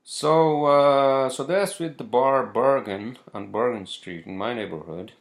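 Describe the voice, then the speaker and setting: Brief: male solo host, gravelly voice, loose profane rambling. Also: medium pitch. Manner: rambling, profane, halting with fillers. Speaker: podcast host. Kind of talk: casual solo monologue.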